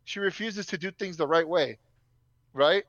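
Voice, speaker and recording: A man's voice: sits high, measured pace, fairly bright tone, no room sound, muffled recording. A young man telling a story in a casual, profane, ranting way.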